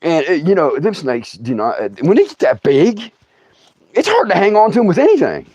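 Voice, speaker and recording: A middle-aged man telling stories on a livestream in a casual, animated way, laughing often and acting out other people's voices. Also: high-pitched, moderate pace, no room sound. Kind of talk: casual storytelling.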